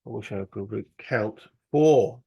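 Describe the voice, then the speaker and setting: A man's voice: on the low side, a little slow, creaky, slightly rough, dull audio. A man playing a solo board game, muttering rule passages aloud and thinking through each move. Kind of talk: casual solo wargame playthrough.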